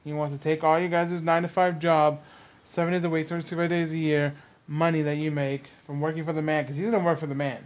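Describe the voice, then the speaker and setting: Young guy ranting on his vlog, kinda high voice, stays pretty flat, mocking and fed up. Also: fast talker. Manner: exasperated, repetitive, mocking. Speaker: commentary vlogger. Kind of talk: ranting commentary.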